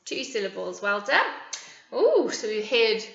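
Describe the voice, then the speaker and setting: A woman teacher with a British accent leading a young children's phonics lesson, modelling words slowly and encouragingly. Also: mid-range voice, big pitch swings, gravelly, fairly bright tone. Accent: British English. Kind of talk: early years phonics lesson. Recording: echoey room, dull lo-fi sound.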